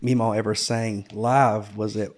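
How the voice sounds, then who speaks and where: A man's voice: fairly low pitch, level tone, a little slow. A man co-hosting a podcast, easygoing and telling stories in casual chat. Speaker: podcast co-host.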